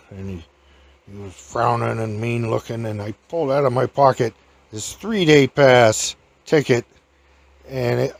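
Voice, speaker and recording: A man with a gravelly, creaky voice tells a rambling, folksy anecdote. He chuckles often and drifts from one tale to the next in a loose, homespun way. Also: mid-range voice, darkish tone. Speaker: podcast host and storyteller.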